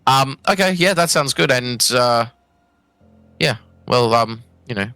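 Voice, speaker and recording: A man's voice: mid-range voice, animated, measured pace, sharp tone, smooth, no room sound, soft background music. An Australian man playing a tabletop game, joking and laughing often as he talks in character. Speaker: player.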